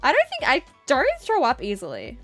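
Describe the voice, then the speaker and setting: Young woman artist-streamer, high-pitched and giggly, playful melodramatic chatter. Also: wildly swooping pitch, normal speed, fairly bright tone, faint music behind. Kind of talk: casual stream chat while drawing.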